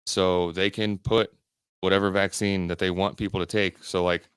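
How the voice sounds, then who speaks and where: A man's voice: low voice, level tone, moderate pace, fairly bright tone, smooth, no echo, studio quality. A man co-hosting a podcast in casual chat, blunt and ranting, swearing often. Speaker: podcast co-host.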